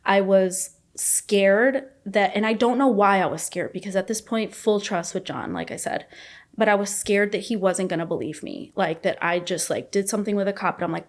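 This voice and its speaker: A woman speaks as a podcast guest, telling a painful story from her own life. Her voice sits at an ordinary middle pitch. She talks in a casual, emotional way and fills her sentences with fillers. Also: normal speed. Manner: casual, filler-heavy with constant "like"; raw and emotional, recounting an ordeal. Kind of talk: personal story told in an interview.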